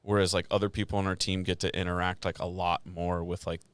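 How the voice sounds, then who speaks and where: A young man hosting a casual podcast, relaxed and joking, with lots of "like". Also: low voice, fast talker, clear, resonant tone, no room sound. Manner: relaxed, joking, uses "like" a lot. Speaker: podcast host. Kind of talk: casual chat.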